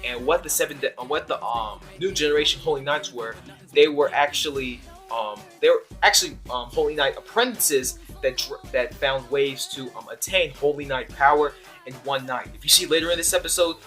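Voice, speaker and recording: A young man giving a casual, rambling anime episode review, excitable and full of fillers and restarts. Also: medium pitch, moderate pace, faint music behind.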